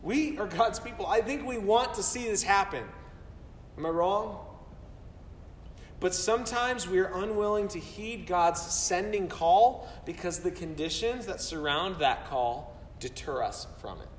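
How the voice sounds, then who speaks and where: A man's voice: sits high, animated, a little slow, slight background noise. A man preaching a sermon to his church as pastor, speaking earnestly and repeating words for emphasis. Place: church sanctuary. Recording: roomy hall from far off.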